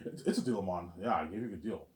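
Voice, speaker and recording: A man's voice: fairly low pitch, very fast, close to an everyday voice. A man putting on a clumsy impression of a brash young London actor, in a roomy recording. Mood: boastful. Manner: clumsy put-on accent. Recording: roomy echo.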